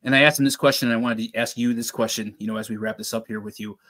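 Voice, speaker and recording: A man hosting a casual interview, asking relaxed questions with some hesitant restarts. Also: mid-range voice, racing. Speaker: host.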